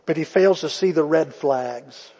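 A man's voice: a little high, unhurried, a little mellow, breathy edge, big-room sound. A male pastor preaching a sermon in a conversational storytelling way, acting out the quotes.

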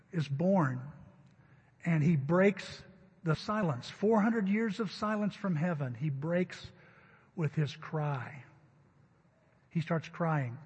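A man's voice: a little high, breathy edge, in a large hall, lo-fi sound. A middle-aged man preaching a sermon in a church, telling stories in a conversational way. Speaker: pastor. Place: church sanctuary.

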